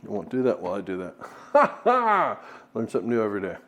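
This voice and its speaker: A man's voice: on the low side, very fast, darkish tone, a little hiss or hum. A man hosting a casual cooking tutorial in a home kitchen, chatty and joking as he goes. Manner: jokey, chatty, self-deprecating asides. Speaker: cooking video host.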